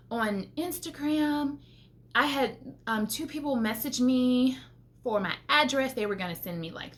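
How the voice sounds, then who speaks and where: A woman vlogger who makes homemaking videos, talking casually to her viewers as she tells a faith-filled story, acting out what she and others said and laughing often. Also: high voice. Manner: animated, quoting herself and others, laughing often.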